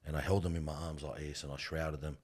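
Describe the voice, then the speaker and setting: His voice is extremely low, a little mellow and slightly rough, with little pitch movement, and he talks fast. As a guest, the middle-aged funeral worker tells heartfelt stories conversationally, earnestly and emphatically, slangy and calling his listener "bro."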